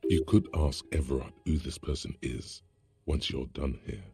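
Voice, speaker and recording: A man voicing the wry, sardonic inner voice of a detective's mind in a video game, with a very deep gravelly voice. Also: normal speed, mellow, soft background music, heavily acted. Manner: dry, sardonic narration.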